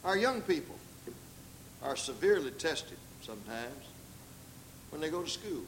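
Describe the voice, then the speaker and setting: On a poor recording with a little hiss or hum, an older Southern American man preaches in a dramatic style. His voice swings widely in pitch as he acts out the voices he quotes, his pace is measured, and his tone is a bit bright.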